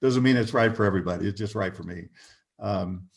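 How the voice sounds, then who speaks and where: An older man, a guest on a video call interview, telling anecdotes with chuckles in an animated, storytelling way. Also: lowish voice, brisk, creaky.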